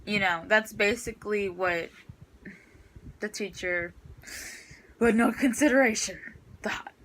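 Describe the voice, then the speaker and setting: A woman's voice: medium pitch, slow, a bit bright, a little hiss or hum, poor audio. A teenage girl ranting in a storytime vlog about her school day, exasperated and full of fillers. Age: teens. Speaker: student vlogger.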